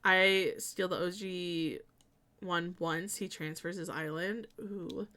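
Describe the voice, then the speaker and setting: A young woman streaming casually as she builds in a game, chatty and giggly with sudden bursts of excitement. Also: lowish voice, slow.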